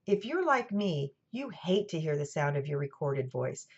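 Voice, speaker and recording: A woman with a General American accent, giving a scripted lecture in a clear, measured way with dry asides. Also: low voice, sing-song. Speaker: college lecturer. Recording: dull lo-fi recording.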